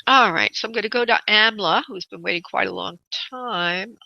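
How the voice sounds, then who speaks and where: A woman's voice: medium pitch, moderate pace, gravelly, pushed and bright, no room sound, dull audio. A woman hosting a radio call-in show as a psychic medium, calling her callers honey and sweetheart.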